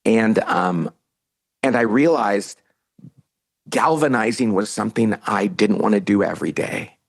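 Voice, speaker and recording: A man's voice: lowish voice, a little slow, gravelly, husky. A middle-aged man, a guest on a podcast, telling a story in a casual interview and acting out the lines he quotes. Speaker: podcast guest, author and CEO.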